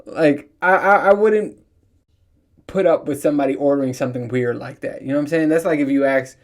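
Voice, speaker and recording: A man's voice: a little high, fairly quick. A man hosting his own podcast, ranting casually, swearing often and laughing at his own jokes. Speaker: podcast host. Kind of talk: casual solo podcast rant.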